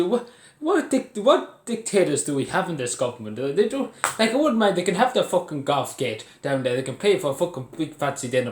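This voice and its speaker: A young Irish man angrily ranting to his camera at home, swearing and laughing bitterly at what he reports. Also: mid-range voice. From Ireland. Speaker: vlogger. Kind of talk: angry ranting commentary to camera. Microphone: phone or camera set on its side. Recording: echoey room.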